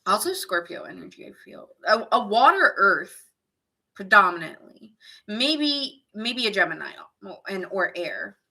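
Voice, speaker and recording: A woman's voice: mid-range voice, sing-song, unhurried, sharp tone, slight background noise. A woman giving a casual live tarot reading, chatting and reacting to viewers' comments and laughing often. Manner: laughs often, muses aloud. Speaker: tarot reader.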